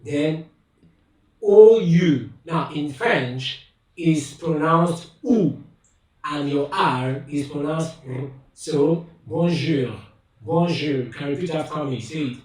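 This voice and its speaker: Guy teaching a language lesson, real slow and emphatic, voice kinda high, heavy echo like he's across the room. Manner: slow, emphatic, with many fillers and rhetorical questions. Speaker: language teacher and company head. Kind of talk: spoken language lesson to camera. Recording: very echoey room, far from the mic.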